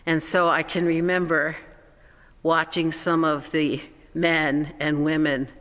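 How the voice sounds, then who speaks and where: Pastor preaching, slow and gentle, mid pitch, long church reverb. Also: little pitch movement. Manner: slow, gentle preaching, falling soft at phrase ends. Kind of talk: sermon. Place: church sanctuary. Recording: echoey church hall.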